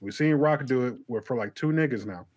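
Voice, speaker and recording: A man in casual podcast chat, laid-back and low-key, with his voice trailing off. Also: a little fast, a little mellow, no echo.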